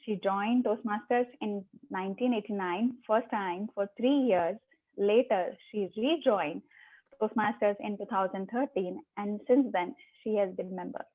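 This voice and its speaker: Woman host reading an intro over a tinny call. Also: mid-range voice. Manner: measured, reads out a prepared bio. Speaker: meeting host introducing a speaker. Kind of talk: reading a formal speaker introduction. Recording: phone-like video call audio.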